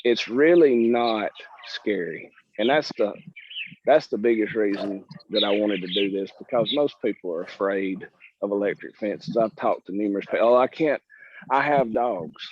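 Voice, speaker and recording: A man's voice: fairly low pitch, moderate pace, slight background noise. A man with a Southern drawl presenting on a call, talking in a folksy, joking, rambling way. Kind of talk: casual presentation on a video call. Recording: dull lo-fi call audio.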